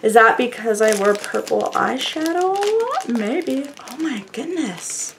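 Woman vlogger, chatty and effusive, very animated pitch. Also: a little slow, a little hiss or hum. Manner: gushing, effusive; chatty, rambling with fillers. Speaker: beauty vlogger opening fan mail. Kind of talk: casual chat to camera.

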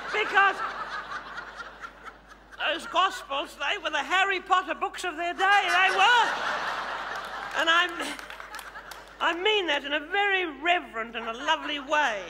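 A man performs as a flamboyant older Australian woman, a self-proclaimed glamorous megastar, teasing the crowd with theatrical endearments during a live stage comedy show. His voice is very high-pitched and heavily acted, with background noise. The recording comes from a live theatre with long reverb and a loud audience.

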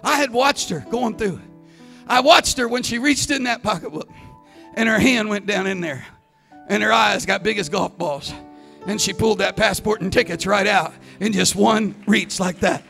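A man preaching a Pentecostal sermon as a visiting evangelist, telling stories and rising into shouted climaxes. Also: high voice, moderate pace, gravelly. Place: church sanctuary. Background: soft organ music.

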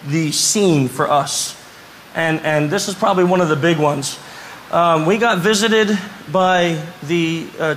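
A man giving a conference talk, telling stories in a lively way and acting out the people he quotes. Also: on the high side, slight background noise, rough recording. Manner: animated storyteller, acts out quoted voices. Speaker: conference speaker. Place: conference room before an audience.

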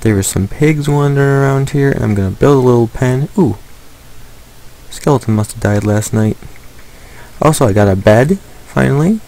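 Man, gaming commentator, gravelly voice, chatty and playful with the game's animals. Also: mid-range voice, lively intonation, moderate pace, mellow, poor audio. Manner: playful, talks to the game animals. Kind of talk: casual let's-play commentary.

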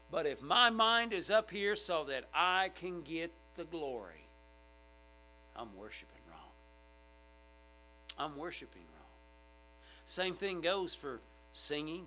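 Male pastor, middle-aged, slightly high, emphatic sermon delivery, faint hum on the recording. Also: low-quality recording. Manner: emphatic, swinging from loud to hushed. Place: church sanctuary.

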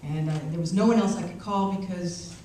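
A woman's voice: fairly low pitch, steady tone, a little fast, dark tone. A woman delivers a keynote as a wry, self-mocking story. Her voice sits far off in a large, reverberant hall, recorded on a small camcorder with light background noise. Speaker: keynote speaker. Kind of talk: storytelling speech.

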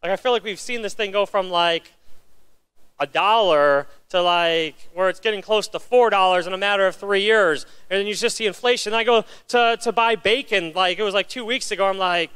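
Male pastor in his 30s: high, resonant voice, chatty storytelling sermon. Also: normal speed, fairly bright tone, clean tone. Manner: casual, chatty, lots of filler words.

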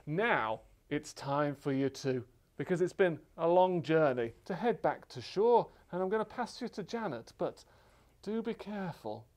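A male librarian leading a children's singalong storytime, speaking in a playful, sing-song way to a toy bear and young viewers. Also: a little high. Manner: sing-song, animated, playful voice for little kids.

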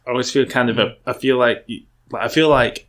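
A man's voice: medium pitch, a little fast, a bit bright. A young man, co-hosting a podcast in casual, rambling chat full of fillers and restarts. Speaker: podcast co-host.

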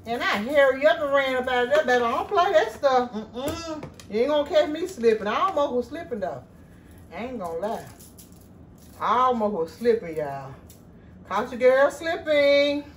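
Cooking in her home kitchen, this woman talks casually to her viewers in a high, lively voice at normal speed, laughing readily and addressing them as "y'all." The vlog has a faint hiss or hum.

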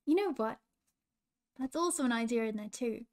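A woman with an Australian accent reading a children's story with gentle coaching asides. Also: fairly high pitch, lively intonation, moderate pace. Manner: warm, gentle, chatty with children.

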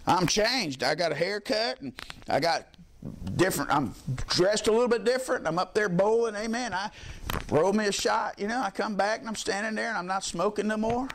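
A pastor preaching from the pulpit in a fairly high voice. He tells homespun stories in everyday language and punctuates them with amens. There's a faint hiss underneath. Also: normal speed, a bit bright. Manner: folksy storytelling, colloquial preaching with frequent amens. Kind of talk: sermon.

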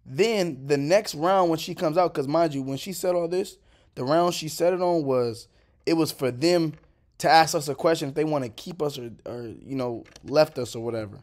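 A man's voice: a little high, normal speed, a little mellow. Young man rambling in slangy vlog chat. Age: 20s. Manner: slangy, rambling, lots of filler like "bro". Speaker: vlogger. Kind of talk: casual commentary over a clip.

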